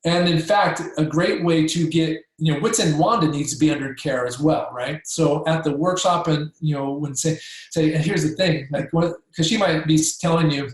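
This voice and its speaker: A man's voice: fairly high pitch, moderate pace. A man giving a casual training talk, coaching listeners and acting out sample conversations with patients. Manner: coaching, checks in with listeners with frequent "okay?". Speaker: chiropractic practice trainer. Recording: very echoey room.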